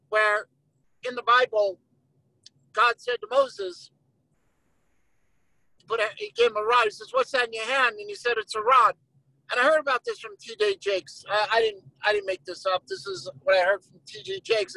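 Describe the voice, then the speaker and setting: A high, bright voice swings widely in pitch with a gravelly edge. The speaker tells a story animatedly on a video call, slipping into the voices of the people being quoted. The sound is close and dry, with no room echo. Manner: animated storyteller who acts out quoted lines. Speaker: guest speaker on a group call. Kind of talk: motivational talk with a retold story.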